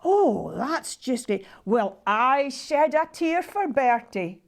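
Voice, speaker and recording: A woman's voice: high voice, sing-song, pitched above the performer's own voice, heavily acted. A woman voicing a frail, tender old Scottish dad. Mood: gentle. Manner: slow, drawn-out and affectionate.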